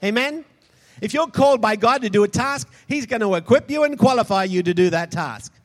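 A man's voice: sits high, expressive, fairly quick, a bit bright. A man preaching a sermon, emphatic and calling out to the congregation for responses. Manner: emphatic, calls out for audience responses. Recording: long hall reverb.

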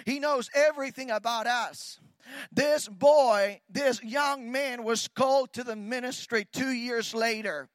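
A man preaching as a guest speaker. He builds to loud repeated declarations, then drops to quiet, low asides. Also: measured pace, dry recording. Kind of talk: sermon.

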